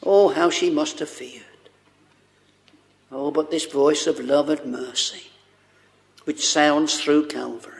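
A man preaching a sermon, speaking haltingly with many fillers and fervent exclamations. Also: on the high side, steady tone, gravelly.

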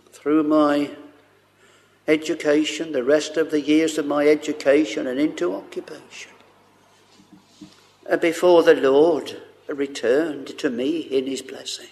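Slow, gravelly-voiced male preacher. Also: on the high side, steady tone, darkish tone. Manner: slow, halting delivery with many fillers and fervent "oh"s. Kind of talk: sermon.

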